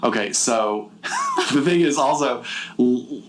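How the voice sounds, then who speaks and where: A middle-aged man co-hosting a podcast, chatting casually and retelling a film, jumping into high put-on voices to quote characters. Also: slow pace, background noise. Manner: animated storyteller, jumps into high voices when quoting characters. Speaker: podcast co-host. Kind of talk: casual chat, retelling a film with acted-out lines.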